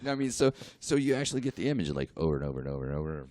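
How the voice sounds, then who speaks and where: A man's voice: rumbling low, racing, no echo, clean studio sound. A man, a guest artist, telling a story in casual podcast chat, laughing and acting out what others said. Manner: animated, laughing, acts out quotes.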